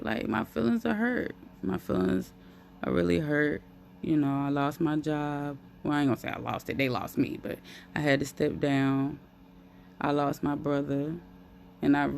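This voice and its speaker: A woman's voice: sits low, creaky, slight background noise. A woman talking candidly on a live stream into a phone. She speaks openly and profanely and repeats phrases for emphasis. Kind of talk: heartfelt live-stream monologue.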